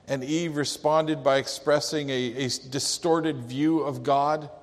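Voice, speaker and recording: A male pastor preaching a sermon with emphatic delivery, quoting scripture. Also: on the high side. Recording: long hall reverb.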